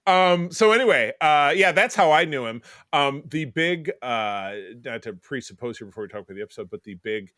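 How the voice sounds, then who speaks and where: A man's voice: fairly high pitch, animated, a little fast, few pauses, pushed and bright, dry recording. A man in his forties co-hosting a podcast in casual chat, rambling and digressive with many restarts. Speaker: podcast co-host.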